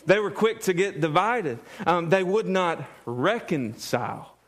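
Brief: male pastor, high voice, lively sermon delivery with repeated words and laughs. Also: unhurried.

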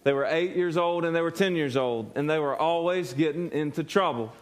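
Earnest preacher guy, keeps repeating himself, asks the crowd questions, voice a bit high. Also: brisk. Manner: repeats words and restarts often, earnest. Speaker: pastor. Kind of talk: sermon.

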